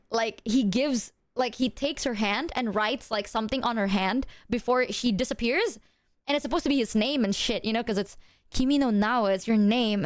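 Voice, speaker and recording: A woman streamer telling stories to her chat in a lively, profane, chatty way. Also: a little high, no echo, studio quality. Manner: animated, profane storytelling, talks to chat. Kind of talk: casual livestream chat.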